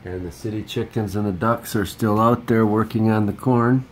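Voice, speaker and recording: A man's voice: fairly low pitch, fairly even intonation, moderate pace, slight background noise, low-quality recording. A man hosting a casual vlog, chatting in a rambling, upbeat way with a bit of pep talk. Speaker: vlog host.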